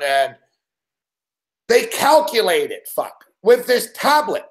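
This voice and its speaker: A man's voice: high voice, sing-song, takes it slowly, pauses often. A man hosting a show, telling a long profane story in an agitated, swearing rant. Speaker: show host.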